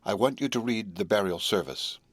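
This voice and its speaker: A man with a low voice reading the part of a devoted young wife, speaking solemnly and tenderly. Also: fairly quick, husky, no echo. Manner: earnest, pleading.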